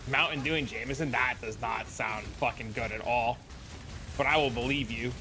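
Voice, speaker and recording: A man in his twenties hosting a livestream, chatting with viewers in a loose, heavily profane way, dropping dude and bro as he tells excitable stories. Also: medium pitch, moderate pace, slight background noise. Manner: excitable storyteller. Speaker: livestream host. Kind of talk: casual livestream chat with viewers.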